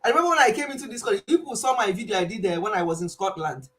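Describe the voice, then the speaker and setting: Animated Nigerian woman chatting on a live stream. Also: mid-range voice, very fast, low-quality recording. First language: Igbo. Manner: animated storytelling, laughs often, mixes in Igbo words. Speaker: health channel host. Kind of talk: casual live-stream chat.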